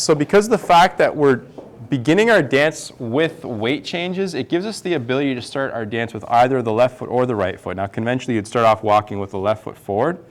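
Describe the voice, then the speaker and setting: A male tango instructor teaching a dance class, counting the steps aloud as he demonstrates them. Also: medium pitch. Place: dance studio.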